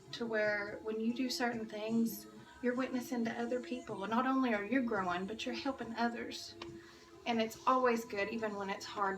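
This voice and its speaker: A woman's voice: a little high, recorded from a distance, low-quality recording. A woman giving an earnest, emotional devotional talk to church kids, restarting her phrases often. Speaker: church kids' devotional speaker. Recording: music behind, voice a bit off-mic.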